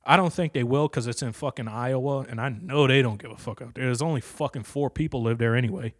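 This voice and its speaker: A young man talks alone on his podcast, swearing constantly and wandering from one thought to the next. His blunt delivery comes through a stand-up comedy mic in a dry, dead-sounding room. His pitch sits at an ordinary middle height. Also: fast, dry recording. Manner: profane, rambling, blunt. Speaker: podcast host. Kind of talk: casual solo podcast monologue. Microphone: handheld stand-up comedy mic on a stand.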